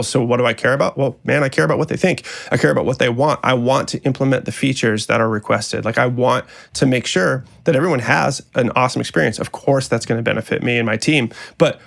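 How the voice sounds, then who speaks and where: A man chatting casually as an audio engineer and software founder, telling stories in a laid-back, animated way and swearing freely. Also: mid-range voice, gravelly. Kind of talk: casual podcast chat.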